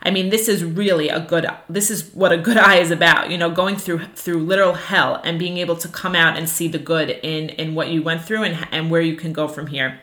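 A woman teaching a class on Jewish ethics, earnest and animated, telling personal stories with frequent fillers. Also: fairly low pitch, brisk, few pauses. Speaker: religious teacher.

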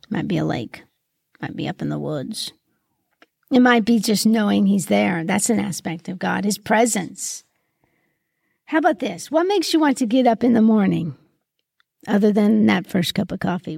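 A middle-aged woman hosting a reflective Christian podcast, asking gentle questions in an earnest way, sometimes choked up with grief. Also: medium pitch, vocal fry, no room sound, studio quality. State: grieving, occasionally choked up. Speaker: podcast host and Christian mentor. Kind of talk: reflective solo podcast monologue.

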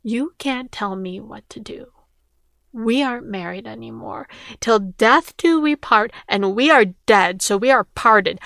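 A woman's voice: on the high side, unhurried, creaky, no room sound, studio quality. A woman reading the lines of a scornful, violent middle-aged man in a storybook reading. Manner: taunting, shouting insults. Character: angry violent man, father, scornful bully.

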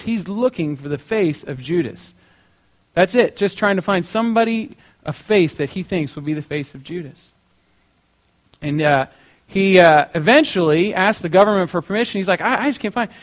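A young man preaching in a casual, chatty way, telling a story with many fillers like "you know". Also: high voice.

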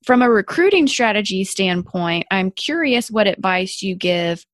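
A woman hosts an interview and moves quickly through her questions, with plenty of fillers and repeated words. Her voice is mid-pitched and the sound is dry and close. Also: animated, no echo. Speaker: podcast host.

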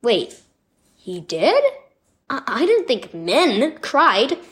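Storybook boy of eleven, tearful and insistent, high and wavering, as a woman puts him on. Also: big pitch swings, extremely slow, exaggerated voice. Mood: upset. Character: upset eleven-year-old boy fighting tears.

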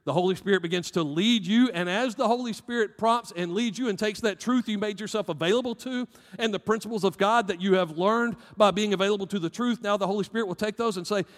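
A man's voice: sits high, fast, few pauses, long reverb tail. A man with a Southern American accent preaching a sermon as pastor, emphatic, rising and dropping in volume.

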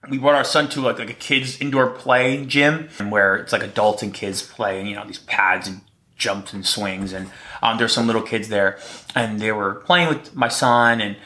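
Bright-voiced man with a slight lisp. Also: fairly low pitch, steady tone, normal speed. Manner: light-hearted, rambling storytelling. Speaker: podcast host. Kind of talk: casual solo podcast talk.

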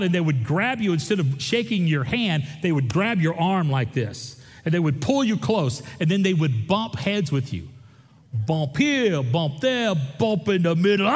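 Joking preacher with a drawl in a big hall. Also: male voice, a little high. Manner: lively, joking preacher with quick asides. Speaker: pastor. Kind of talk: sermon. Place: large church hall. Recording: echoey hall, from far off.

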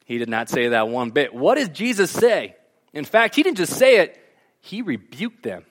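Man preacher, casual sermon, higher voice, lots of pitch swing, jokey storytelling. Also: normal speed. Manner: animated storytelling with jokes.

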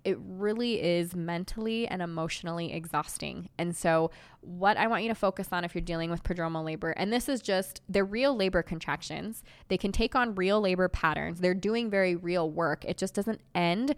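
Woman podcast host, smooth clear voice, slightly low pitch, chatty and reassuring, solo teaching talk. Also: normal speed. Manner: conversational, reassuring, filler-heavy.

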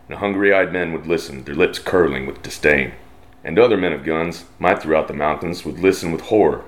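Reading a western story out loud, a Texan man with a deep voice and a fairly bright tone drawls slowly in his twang. He slips into short character voices along the way.

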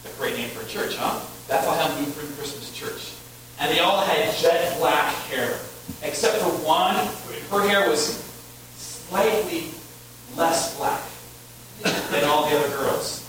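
Preacher in a booming echoey church. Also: male voice, measured pace, fairly bright tone. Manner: conversational storytelling with wry asides. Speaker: pastor. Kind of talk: sermon. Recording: echoey hall, distant mic, hum.

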